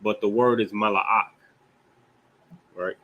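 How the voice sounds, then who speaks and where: A man with an American accent teaches a scripture language class in a relaxed, conversational way. His voice sits at an ordinary middle pitch. He keeps asking "right?" and slows down to pronounce words carefully. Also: dull audio. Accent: American English. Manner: loose, conversational, with frequent "right?" and "you know what I mean?".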